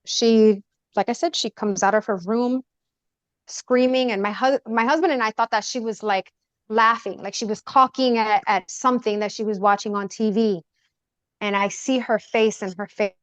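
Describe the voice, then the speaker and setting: A woman guest on a podcast giving an earnest, halting personal account and acting out the dialogue she remembers. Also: medium pitch, smooth, no room sound, muffled recording. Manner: earnest, halting, acts out quoted dialogue with rising urgency. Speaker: podcast guest recounting a tragedy.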